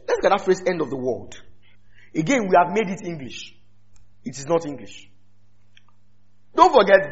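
Man, preacher, sermon, rhetorical questions, dull lo-fi recording. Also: high-pitched. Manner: animated, teaching with rhetorical questions to the congregation.

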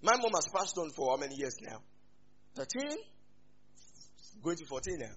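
A man with a Nigerian accent preaching a sermon as a pastor, animated, with sudden loud rises. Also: on the high side, normal speed, lo-fi sound, a little hiss or hum.

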